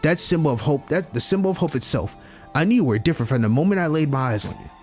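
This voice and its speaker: Man reading earnest hopeful schoolgirl, lively delivery, faint music. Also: fairly high pitch, fast talker, lightly acted. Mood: mocking. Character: hopeful, earnest teenage girl student.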